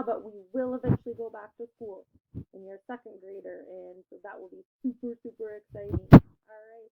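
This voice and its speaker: A woman's voice: mid-range voice, fairly even intonation, moderate pace, highs cut off, very noisy. Upbeat woman teaching young children. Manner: upbeat, encouraging, clear instructions. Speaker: second grade teacher. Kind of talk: online spelling lesson for children.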